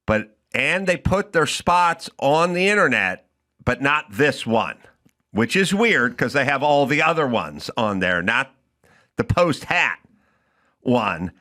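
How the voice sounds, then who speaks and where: A man hosting a comedy talk show, telling an animated, ranting story in a studio. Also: mid-range voice. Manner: animated, ranting, yelling in retold scenes. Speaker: host.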